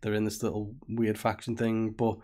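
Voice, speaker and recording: A man's voice: lowish voice, monotone, normal speed, dark tone. A man with a northwest English accent from near Liverpool, co-hosting a podcast in a rambling, chatty way. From northwest England. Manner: chatty, rambling, laughs often. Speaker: podcast co-host. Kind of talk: casual chat.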